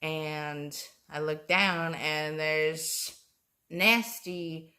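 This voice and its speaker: A woman with a low-pitched voice tells a personal story to her camera at an unhurried pace. She rambles, trails off and corrects herself often, filling gaps with ums. She sounds self-conscious, like a beginner at vlogging. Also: fairly even intonation, pushed and bright.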